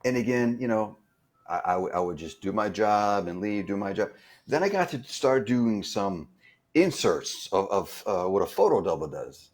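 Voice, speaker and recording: A man with a fairly low voice tells anecdotes from a film set in a relaxed interview. He talks in a rambling way, full of fillers and restarts. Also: normal speed. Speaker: guest, stunt performer. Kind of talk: casual storytelling interview.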